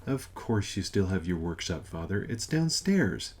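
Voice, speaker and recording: A man's voice: low-pitched, sing-song, a little slow, husky, full character voice. A man voicing an elderly motherly wife who soothes and placates her husband in a mildly condescending way. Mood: cross.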